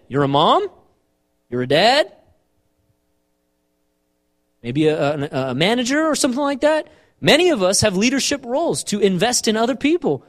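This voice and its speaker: A man preaching a sermon, animated and emphatic, repeating phrases for effect. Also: sits high. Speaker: pastor.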